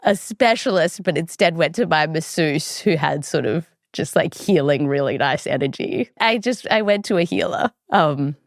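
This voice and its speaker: Her voice low and her intonation lively, an Australian woman spins a conversational story on her podcast at normal speed with few pauses. She's chatty, full of likes and ums, and the clean studio recording has no room sound.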